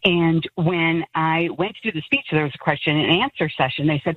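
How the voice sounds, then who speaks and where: A woman's voice: low-pitched, a little fast, hardly any pauses, breathy edge, dry recording. Casting: female radio caller, rambling storyteller, dry muffled phone sound. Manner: rambling, self-deprecating storytelling. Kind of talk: radio call-in anecdote. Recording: dull lo-fi phone line.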